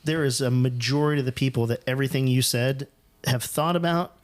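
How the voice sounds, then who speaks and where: A man from the United States hosts a podcast, telling rambling, profane, self-deprecating stories in casual conversation. His voice is mid-range and a little fast.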